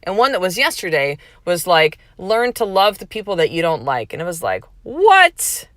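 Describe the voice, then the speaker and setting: Frank low-voiced woman host, dry mic. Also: fairly quick, dry recording. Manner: frank and casual, swears freely, animated emphasis. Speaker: podcast host. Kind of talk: candid motivational monologue.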